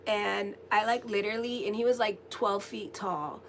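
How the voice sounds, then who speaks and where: A woman astrologer giving a casual, rambling tarot and horoscope reading, chatty and quick to laugh. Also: medium pitch, fairly even intonation, slight background noise.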